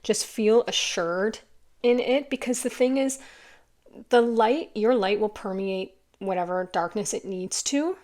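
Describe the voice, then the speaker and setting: A woman giving a casual, earnest tarot reading, rambling warmly with many fillers and growing teary as she talks. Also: mid-range voice, measured pace. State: tearful at times. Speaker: tarot reader.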